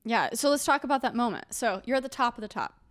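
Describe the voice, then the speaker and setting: A woman's voice: on the high side, animated, quick pace, dry recording. A young adult woman hosting a podcast interview, engaged and reflective in conversation. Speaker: podcast host.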